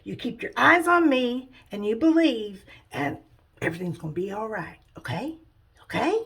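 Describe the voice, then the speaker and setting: A woman's voice: high-pitched, lively intonation, measured pace, gravelly, a bit bright, exaggerated voice. Casual comic Jesus, put on by a woman: patient, homespun, worn thin by his followers. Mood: patient, coaxing. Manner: casual, folksy, exasperated. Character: Jesus, calm patient male teacher, drily fed up.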